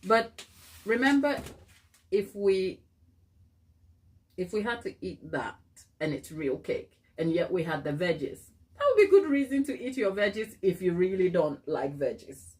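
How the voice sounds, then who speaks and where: A woman's voice: medium pitch, very animated, measured pace, darkish tone. A woman hosting a casual baking live stream, thinking aloud as she works, reading viewer comments and laughing often. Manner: thinks aloud while working.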